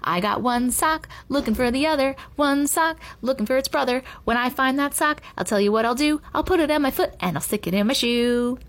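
A woman's voice: sing-song, moderate pace, husky, heavily acted. A woman doing a cheeky, spirited schoolgirl. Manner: bright, high and defiant.

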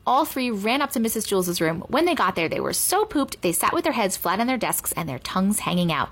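A woman reading a children's book aloud, giving the characters animated voices. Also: mid-range voice, husky. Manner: animated character voices, slow expressive delivery. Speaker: reader.

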